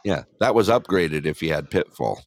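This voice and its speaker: A man's voice: a bass voice, animated, moderate pace, dry recording, clean studio sound. A man hosting a casual live online chat show, joking and greeting guests by name. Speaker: host.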